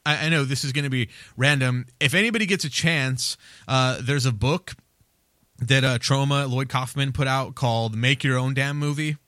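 Bright-voiced, profane podcast host. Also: male voice, medium pitch, moderate pace, no echo, studio quality. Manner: loose, profane, laughs a lot, rambling asides. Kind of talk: casual podcast chat.

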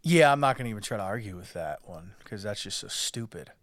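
A man co-hosting a podcast in casual chat, rambling with lots of halting restarts. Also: on the low side, lively intonation, a bit bright, dry recording. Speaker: podcast co-host.

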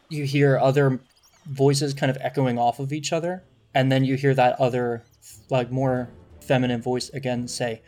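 A man narrating a tabletop game as game master in a relaxed, descriptive way with many fillers. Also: medium pitch, moderate pace, faint music behind.

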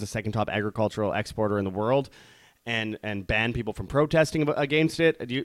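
A man's voice: medium pitch, clean tone, no echo. A man hosting an online commentary show, talking urgently and rallying his listeners, often calling them his friends. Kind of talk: opinionated commentary.

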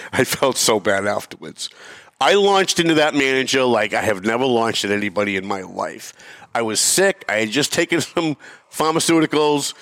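A man's voice: medium pitch, a bit bright, no room sound, studio quality. A middle-aged man hosting a talk show, telling a heated story with emphatic swearing and mimicked voices. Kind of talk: animated storytelling rant.

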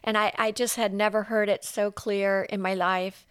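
A woman's voice: mid-range voice, normal speed, clean tone, no room sound, studio quality. A woman guest telling her faith testimony in casual chat, acting out quotes as she goes. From California. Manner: animated storyteller, acts out quotes. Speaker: podcast guest.

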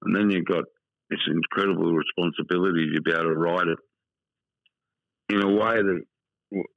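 A man's voice: sits low, steady tone, normal speed, gravelly, no echo, narrow, tinny audio. A middle-aged Australian man, a football writer guest, chatting bluntly in a casual interview and telling emotional stories with lots of repetition.

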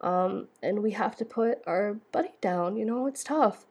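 A woman's voice: mid-range voice, a little slow, darkish tone, slightly rough. A young woman hosting an astrology podcast, talking in a rambling, tearful way with lots of fillers and restarts. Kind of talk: emotional podcast monologue.

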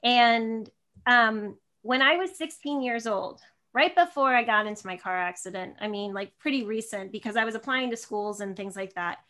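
A woman in her thirties speaks as an interview guest, telling her own story. She rambles, restarting phrases and filling pauses. Her voice sits a little high. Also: fairly bright tone. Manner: rambling, many restarts and fillers, emotional.

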